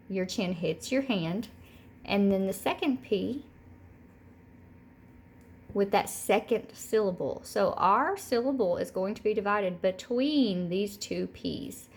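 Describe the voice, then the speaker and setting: A woman teacher talks through a recorded lesson for young students at a slow, unhurried pace. She says every word deliberately and repeats it so children can copy her. Her voice sits at an ordinary middle pitch. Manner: slow, clear, modeling words by repeating them. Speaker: third grade teacher.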